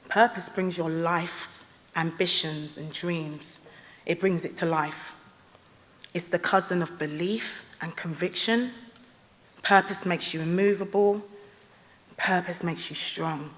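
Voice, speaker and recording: A woman's voice: on the low side, a bit bright. Earnest woman speaking in a reverberant hall. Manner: earnest and emphatic, with slow deliberate phrases. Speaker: honorary degree recipient giving a speech. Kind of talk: motivational graduation speech. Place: large ceremony hall.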